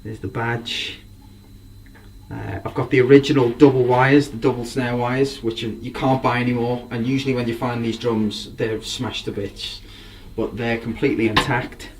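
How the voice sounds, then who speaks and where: This casual show-and-tell features a drum collector with a medium-pitched voice and flat delivery, talking at normal speed as he rambles eagerly about his gear. He's recorded from a distance with faint background noise.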